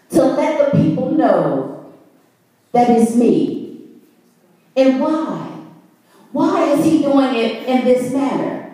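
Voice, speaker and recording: A woman's voice: high-pitched, dark tone. A woman elder preaching a Sunday worship sermon, emphatic and repetitive, asking rhetorical questions and sometimes intoning her lines. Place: church sanctuary. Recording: very echoey church, voice far from mic.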